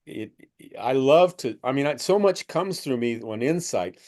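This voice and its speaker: A man's voice: mid-range voice, expressive, a little slow, darkish tone. A middle-aged man, a spiritual teacher, talking in a rambling conversational way and acting out quoted voices as he explains.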